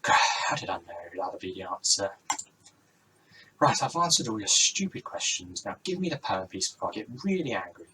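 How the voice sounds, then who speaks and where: Blunt young woman, fed up and deadpan, played by a man; bright, forward tone. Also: low voice, moderate pace, a little hiss or hum, pitched below the performer's own voice, exaggerated voice, rough recording. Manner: dry, exasperated put-downs.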